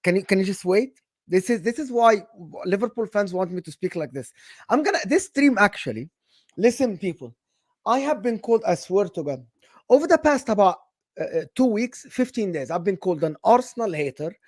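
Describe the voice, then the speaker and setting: A young man with an Egyptian accent hosting casual football talk, animated and sarcastic, slipping into Arabic phrases. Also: high voice, fairly quick, dry recording, clean studio sound. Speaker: football channel host.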